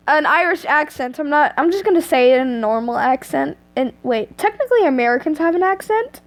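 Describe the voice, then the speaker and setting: A teenage girl reads fanfiction aloud into an earphone mic at home. Her voice is high, and she keeps breaking off for giggly, self-mocking, chatty asides. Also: lively intonation, fairly quick, hardly any pauses. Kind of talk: reading fanfiction aloud with commentary.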